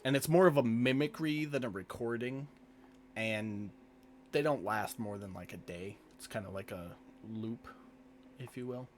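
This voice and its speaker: A man voicing a small, shy, floating male crystal creature that speaks in a hushed, half-whispered, sheepish way. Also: mid-range voice, a little slow, slight background noise, natural voice. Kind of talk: tabletop role-play voicing.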